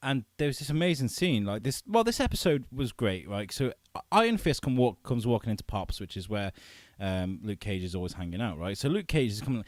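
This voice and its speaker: A man talking as a guest on a podcast, telling stories in an animated way, acting out quotes and swearing freely. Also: fairly low pitch, brisk, no room sound, clean studio sound. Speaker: filmmaker guest. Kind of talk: casual podcast chat.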